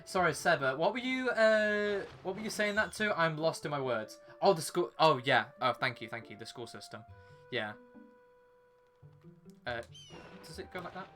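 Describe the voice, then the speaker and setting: With faint music behind him, a young adult man chats casually on a game stream, rambling to viewers and the game character while sniffling from a runny nose. His fairly high voice is expressive, pushed, and bright, at a moderate pace.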